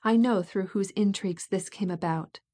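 A woman's voice: mid-range voice, moderate pace, natural voice. Woman reading as a bitter, indignant princess. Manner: sharp, wounded, resentful. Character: proud bitter princess, middle-aged woman.

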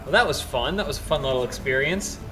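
A man hosting a casual let's-play, cracking sarcastic, deadpan jokes as he plays. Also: on the high side, quick pace, soft background music. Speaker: gaming show host.

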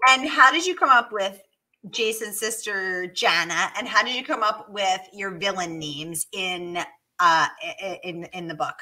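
A woman with a crisp, sharp tone hosts a live online interview. She is playful and enthusiastic and keeps the chat moving on a video call. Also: medium pitch, measured pace, low-quality recording. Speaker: host.

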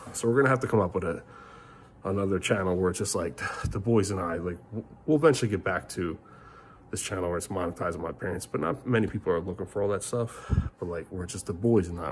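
A man's voice: low voice, a little hiss or hum. A middle-aged man vlogging a frustrated, rambling rant to the camera, repeating himself and swearing, recorded on a phone. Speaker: family vlogger.

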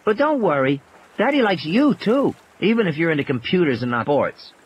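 Man doing a bratty little girl, whiny, sulky, high breathy voice, swooping pitch. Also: sing-song, normal speed. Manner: whining, sulky. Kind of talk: audiobook character voice.

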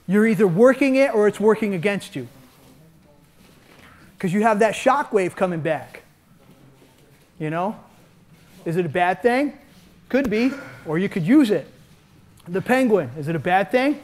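Older male martial arts coach, high-pitched and energetic, punctuating the lesson with shouted sound effects. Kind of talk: hands-on seminar teaching.

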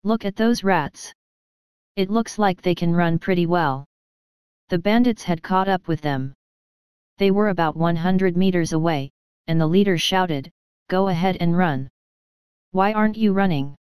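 A woman narrating an audiobook in steady scripted storytelling, recorded close on a studio mic. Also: fairly low pitch, smooth, no room sound.

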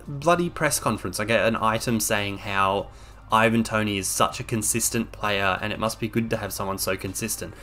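A man's voice: fairly low pitch, fairly bright tone. A young man commentating on his own gameplay, exasperated and sarcastic, ranting at a desk microphone. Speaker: game streamer.

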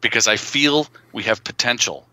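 A man's voice: mid-range voice, moderate pace, pushed and bright. A man co-hosting a casual podcast, joking and rambling with many restarts. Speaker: podcast co-host.

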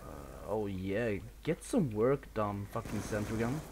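With a lowish voice that swings a lot in pitch, this Swedish-accented man from Sweden talks a little slowly with vocal fry over background noise. He's commenting casually on a video game as he plays it, a bit nervous, cursing and laughing at himself.

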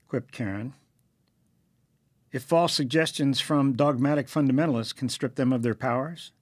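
Male audiobook narrator, mid pitch, dry close recording, scripted novel reading. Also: dry recording. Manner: reads dialogue with slightly raised pitch for characters.

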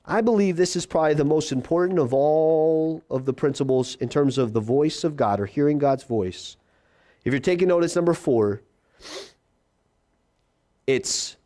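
A male pastor preaching a sermon in a conversational way, repeating key phrases and slowing down for emphasis. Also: on the high side, a little mellow.

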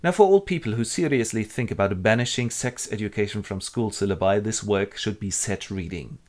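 A man hosting a comic retelling of a classic play, with wry deadpan asides. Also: lowish voice, fairly quick. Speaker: host.

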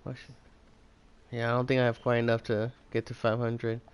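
A man's voice: mid-range voice, completely flat delivery, moderate pace, a little hiss or hum. A man streaming a game, rambling and thinking aloud as he plays. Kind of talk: casual gameplay commentary.

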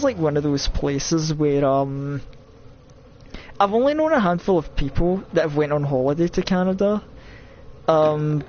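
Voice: mid-range voice, a little mellow, dull audio, slight background noise. A game streamer with a Scottish accent, from Scotland, giving rambling, self-mocking live commentary with nervous outbursts.

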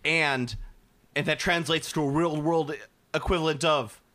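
A man co-hosting a casual gaming podcast, excitable, jumping up in pitch when he quotes himself. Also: unhurried. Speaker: podcast co-host.

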